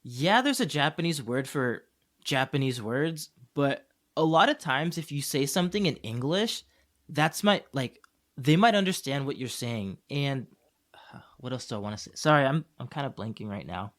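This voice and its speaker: A man's voice: medium pitch, animated, moderate pace, a bit bright. A man co-hosting a podcast in casual chat, telling rambling stories with lots of fillers. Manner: chatty storyteller, rambling with fillers. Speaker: podcast co-host. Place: Tokyo.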